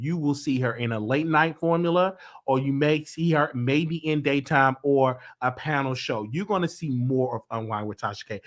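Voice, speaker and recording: A man hosting a celebrity gossip commentary show, talking emphatically and excitably, repeating himself. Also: medium pitch. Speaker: host.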